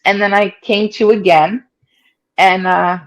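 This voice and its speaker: Poor audio captures a woman in her forties speaking unhurriedly at a medium pitch with a level tone. As a stroke survivor in an interview, she relates her story casually, filling it with "um"-type fillers and acting out what people told her.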